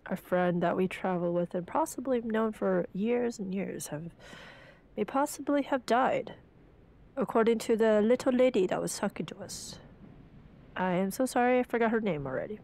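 A woman's voice: medium pitch, expressive, moderate pace, creaky, a little mellow. A woman casually commenting on a game she is playing, chatty and self-mocking. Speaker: gaming channel host.

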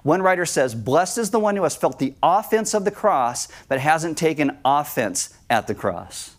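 A man's voice: a little high, expressive, normal speed. A man preaching a sermon as pastor, emphatic, and he acts out the voices of people he quotes. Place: church.

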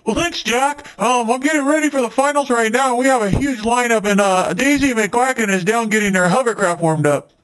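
A man voicing a frantic male duck field reporter in a mock sports broadcast, shouting into a radio. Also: very high-pitched, a little fast, low-quality recording. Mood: upbeat.

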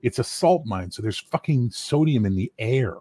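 A man's voice: medium pitch, lively intonation, normal speed, warm tone, breathy edge, dry recording. A man telling stories in a casual podcast chat, emphatic and full of swearing. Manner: profane, emphatic storyteller.

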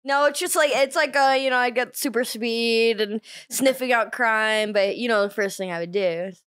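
A woman's voice: fairly high pitch, normal speed, a bit bright, no echo, clean studio sound. A woman comedian guest on a podcast, playful and silly, laughing at her own jokes. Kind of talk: casual comedy podcast chat.

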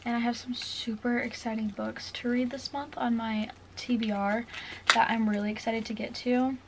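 A young woman talks casually to her camera at home, gushing and excitable, peppering her sentences with "like." Her voice sits high. A faint background noise hangs under the recording. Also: normal speed. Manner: gushing, excitable, says "like" a lot. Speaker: book vlogger. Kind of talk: casual reading vlog chat.

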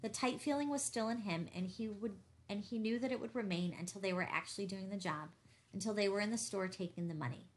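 A woman reads a novel aloud for an audiobook. Her delivery is measured and intense, building tension through the prose. Her voice sits at an average pitch. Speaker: audiobook narrator. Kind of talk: audiobook narration.

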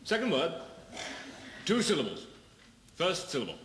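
A man's voice: a little high, wildly swooping pitch, moderate pace. A man playing a judge in a British TV sketch, pompous and exasperated. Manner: pompous, exasperated courtroom delivery. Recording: echoey 1970 TV studio with audience noise.

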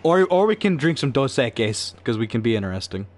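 Dude streaming a game and just rambling at chat, goofy and kinda excitable. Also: male voice, medium pitch, brisk. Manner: goofy, rambling, laughs often, swings into excited yelps. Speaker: gaming streamer. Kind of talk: casual live-stream chat.

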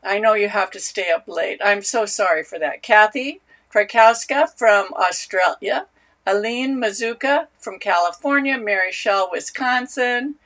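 A woman's voice: medium pitch, unhurried. A woman hosting a knitting live stream, chatting casually and greeting viewers by name. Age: older. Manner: warm, chatty, reads out viewer names.

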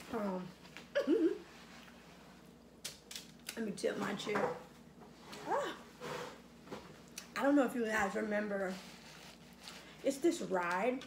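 A woman's voice: a little high, slight background noise. Middle-aged woman vlogging while eating, echoey room. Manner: reflective, reminiscing, frequent fillers. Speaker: mukbang vlogger. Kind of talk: casual chat while eating. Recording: echoey room with faint ambience.

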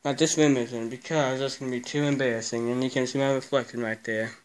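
A young man vlogging while he tidies a messy bedroom, grumbling and cursing as he goes. His voice is smooth and clear, sitting at a middle pitch for a man. He is recorded on camera in the room. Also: fairly even intonation, fast talker. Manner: grumbling, swears a lot. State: out of breath. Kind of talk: casual vlog while cleaning. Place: cluttered bedroom, indoors.

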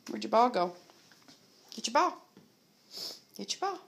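Lady cooing at her dogs at home, high voice, slow and drawn out. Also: sing-song, vocal fry. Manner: coaxing, playful pet talk with many questions. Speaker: dog owner. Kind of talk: casual home video talking to pets.

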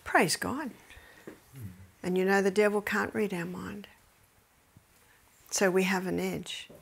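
A woman's voice: mid-range voice, fairly even intonation, takes it slowly, gravelly, breathy edge. A middle-aged woman gives a faith-based health lecture, telling stories with animation and often dropping to near-whispers.

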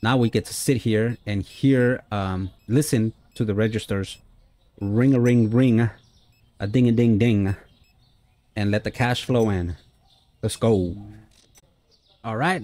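A man's voice: medium pitch, darkish tone, no room sound. A man giving friendly, casual let's-play commentary on a simulation game, chatting with his viewers and dropping many "uh" fillers. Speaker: gaming YouTuber.

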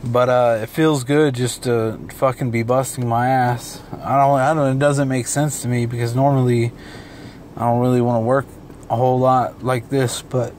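A young man talking in a relaxed, rambling vlog monologue from a dark room at home, swearing freely. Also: medium pitch, moderate pace, slight background noise. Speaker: vlogger and beatmaker.

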